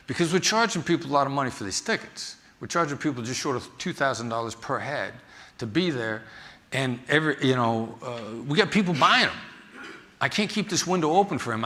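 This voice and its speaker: Animated man telling a story on stage. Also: fairly high pitch. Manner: animated, acts out the people in his stories. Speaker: negotiation instructor and former FBI agent giving a talk. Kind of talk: storytelling keynote talk.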